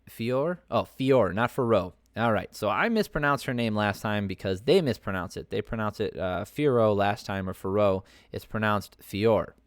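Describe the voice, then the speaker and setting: A man's voice: on the low side, dry recording, clean studio sound. A man hosting a podcast, giving a casual, rambling breakdown of fights with profane asides and lots of filler words. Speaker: podcast host.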